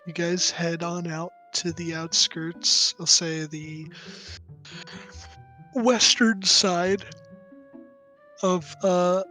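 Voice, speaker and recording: A man narrating a tabletop game as game master, hesitant, with many fillers and throat clearing. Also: high voice, sharp tone.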